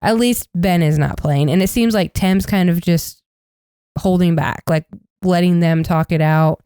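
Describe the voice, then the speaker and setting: Woman co-host, casual chat, smooth voice, acts out quotes, dry recording. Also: lowish voice, a little slow, no room sound. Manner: animated storytelling, acts out quotes. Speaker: podcast co-host.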